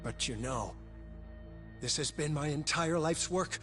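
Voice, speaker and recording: A man's voice: fairly high pitch, measured pace, a bit bright. An actor playing a tense, guilt-ridden male scientist who talks in a hesitant, earnest way, in dubbed game dialogue. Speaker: research scientist. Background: dramatic game music.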